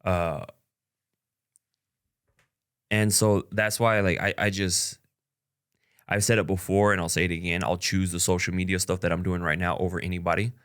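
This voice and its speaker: This content creator is a young man whose voice sits low with little pitch movement and a fairly bright, smooth tone. At normal speed and with long pauses, he rambles frankly through a breakup story in a candid, casual vlog, leaning heavily on "like" and "you know."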